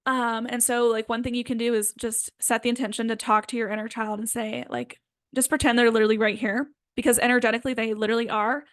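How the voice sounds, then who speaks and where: A woman energy healer talks softly and loosely, filling her sentences with "um" and "like" as she guides her listeners. Her voice sits a little high. The sound is close and dry, with no room around it. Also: flat delivery, quick pace, no room sound. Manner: gentle, rambling, many fillers. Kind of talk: casual spiritual guidance talk.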